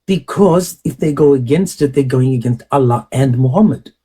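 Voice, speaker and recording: A man's voice: mid-range voice, moderate pace, mellow, slightly rough. A man hosting an opinionated commentary monologue, emphatic and mocking, full of rhetorical scenarios. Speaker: host.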